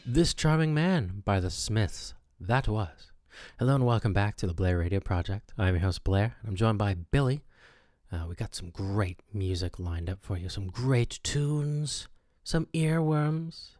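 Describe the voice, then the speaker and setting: A man hosting a comedic mock radio show with deadpan, pompous announcer patter. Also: deep voice, normal speed, no echo, studio quality. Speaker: host.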